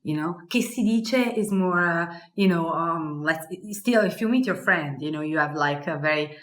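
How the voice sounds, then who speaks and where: A woman's voice: lowish voice, normal speed, roomy sound. A woman with an Italian accent, a native Italian speaker, teaching phrases in a casual lesson with many fillers. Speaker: language teacher. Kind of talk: language lesson.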